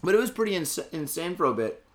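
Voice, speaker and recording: A podcast host telling a casual story, excitable and profane, with lots of filler words. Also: male voice, fairly high pitch, fast. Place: podcast studio.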